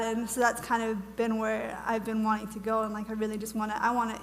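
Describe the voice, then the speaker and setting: A woman's voice: a little high, completely flat delivery, fast talker, gravelly. A young woman from Wales who now speaks with an American accent, giving a bubbly, chatty testimony as a guest speaker at a church conference, full of fillers and restarts. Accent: American, lost her Welsh accent. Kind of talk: casual testimony talk at a conference. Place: church hall. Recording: reverberant hall, faint hum.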